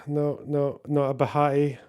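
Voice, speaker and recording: A man's voice: a little high, little pitch movement, unhurried, a little mellow. A man hosting a live stream, chatting casually and swearing freely. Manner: laid-back, swears casually. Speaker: streamer host. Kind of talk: casual chat.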